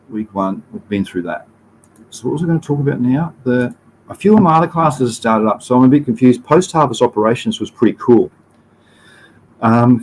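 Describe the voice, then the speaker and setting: A man's voice: mid-range voice, darkish tone, slight background noise, low-quality recording. An Australian man in his fifties hosting a casual livestream, talking through slides in a rambling way, chatting to viewers and swearing casually. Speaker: livestream host.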